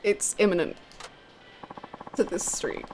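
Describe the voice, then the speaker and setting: A woman's voice: mid-range voice, lively intonation, slow. Giggly woman chatting over game music. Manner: chatty, laughs often, swears casually, talks to chat. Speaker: live streamer playing a video game. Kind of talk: casual gaming stream chat.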